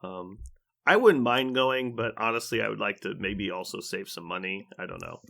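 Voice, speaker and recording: A man's voice: fairly low pitch, moderate pace, creaky, sharp tone. A man co-hosting a podcast in casual chat, hesitant and thinking aloud. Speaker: podcast co-host.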